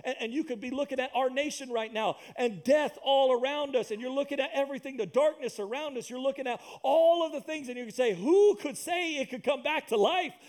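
Speaking fast with few pauses, this pastor has an extremely high-pitched voice and a darkish tone. He preaches emphatically and repetitively over church loudspeakers, mixing in jokes and asides for the congregation.

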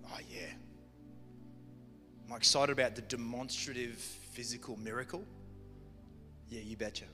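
A man's voice: medium pitch, steady tone, moderate pace, sharp tone. A man preaching a sermon, telling a story in a humorous, conversational way. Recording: long hall reverb with music behind.

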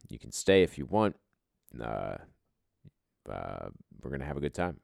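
Very deep, gravelly laid-back man. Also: very animated, unhurried, a little mellow, no echo, studio quality. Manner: laid-back, profane, rambling with fillers. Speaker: podcast host, league commissioner. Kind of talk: casual podcast sign-off.

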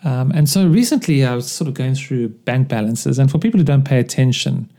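A man's voice: mid-range voice, expressive, brisk, mellow. A man hosting a solo podcast, talking casually in a rambling, self-deprecating way with lots of fillers. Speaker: podcast host.

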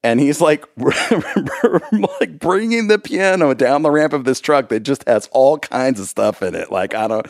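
A man's voice: medium pitch, lively intonation, measured pace, creaky, few pauses, no echo, clean studio sound. A man, a musician guest on a podcast, telling a rambling story in casual chat with frequent laughs.

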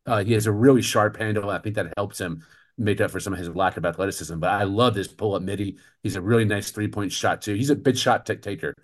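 A man co-hosting a casual postgame basketball chat, opinionated and animated, laughing often. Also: lowish voice, fast talker. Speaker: co-host of a postgame show.

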